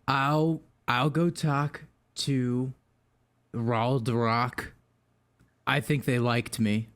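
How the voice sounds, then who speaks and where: A man's voice: mid-range voice, steady tone, drawn-out words. A man playing a tabletop game, joking casually with friends. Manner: jokey, casual, says bro. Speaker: player.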